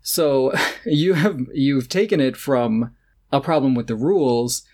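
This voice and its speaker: A man's voice: medium pitch, unhurried, darkish tone. Sarcastic, opinionated male podcast host. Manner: opinionated and sarcastic, laughs often. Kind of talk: casual chat about tennis.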